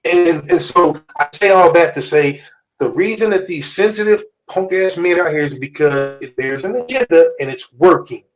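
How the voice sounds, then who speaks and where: A man's voice: on the high side, lively intonation, moderate pace, dull audio. A man hosting a podcast, talking in a blunt, profane, emphatic way as he lectures his listeners. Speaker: podcast host. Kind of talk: casual opinionated podcast talk.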